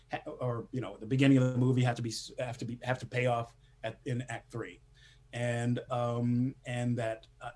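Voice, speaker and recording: Male guest writer, conversational and animated, husky voice, mid pitch, acts out anecdotes. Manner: animated storyteller, acts out quotes, laughs often. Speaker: guest screenwriter. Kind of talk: casual interview chat.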